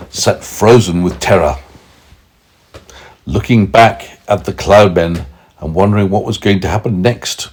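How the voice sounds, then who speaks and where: A man reading a bedtime story aloud to a small child, expressive and gentle, pausing to explain words. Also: deep voice, breathy edge. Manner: slow, expressive, asides to a child.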